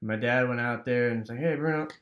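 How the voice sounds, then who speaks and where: A man from Wisconsin casually telling a rambling childhood story, full of fillers and sound effects like "boom.". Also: completely flat delivery, quick pace, dull audio. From Wisconsin, USA.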